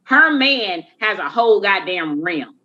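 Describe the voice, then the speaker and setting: A woman's voice: mid-range voice, animated, measured pace, bright, forceful tone. Blunt, foul-mouthed woman podcast host. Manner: blunt, profane, joking. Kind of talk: casual chat. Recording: dull lo-fi recording.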